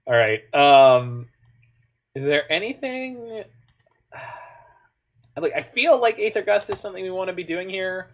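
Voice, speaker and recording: A man's voice: sits high, lively intonation, unhurried, pauses often. A man from Canada, giving casual, joking commentary while he plays an online card game, with muttered asides in between.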